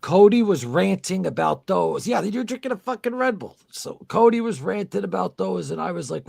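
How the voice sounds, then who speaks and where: Man, podcast co-host, casual chat, very gravelly, husky, rambling, insistent. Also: high voice, huge pitch swings, moderate pace, hardly any pauses, darkish tone.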